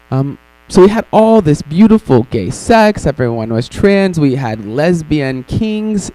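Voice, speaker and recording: A man's voice: mid-range voice, creaky, warm tone, poor audio. A man presenting a workshop session in a casual, irreverent way, with joking asides and frequent ums. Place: conference session room.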